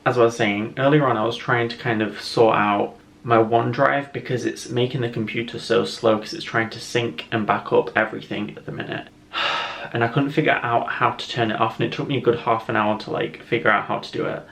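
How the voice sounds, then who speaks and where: A man's voice: mid-range voice, a little fast, creaky, slight background noise. A man chatting casually to camera at home, rambling and correcting himself as he goes. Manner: rambling, relaxed, self-correcting. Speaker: vlogger. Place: home room, indoors.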